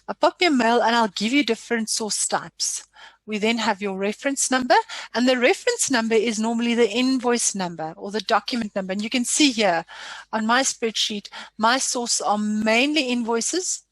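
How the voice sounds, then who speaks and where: Woman walking folks thru accounting software, chatty, apologizes a lot, dry close sound. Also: fairly high pitch, no room sound. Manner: chatty, apologetic, self-deprecating asides. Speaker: software trainer. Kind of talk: casual screen-share tutorial.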